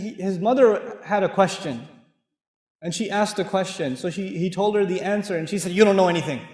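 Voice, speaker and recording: A man giving a lively sermon, swinging from loud bursts to hushed asides and acting out the people in his stories. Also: high-pitched. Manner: animated, swings between loud and hushed, laughs often; acts out dialogue in his stories. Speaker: Islamic speaker. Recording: echoey hall.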